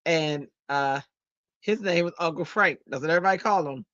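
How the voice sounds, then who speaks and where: A woman hosting a crafting stream, chatting casually and telling stories in an animated way while she works. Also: low voice, normal speed, no room sound, lo-fi sound. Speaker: crafting channel host.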